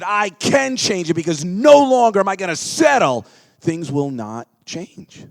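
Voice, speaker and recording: A man with a fairly high, gravelly voice, leading a motivational seminar. His pitch swings widely as he calls chants to the crowd and then drops into quiet asides. He talks with high energy. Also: big pitch swings, a little slow.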